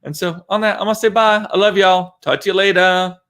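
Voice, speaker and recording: A man's voice: high voice, fairly even intonation, a little fast, fairly bright tone. A man from South Texas, chatting casually and rambling on his livestream. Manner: chatty and rambling, with many fillers and restarts. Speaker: livestream host. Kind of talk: casual live-stream chat.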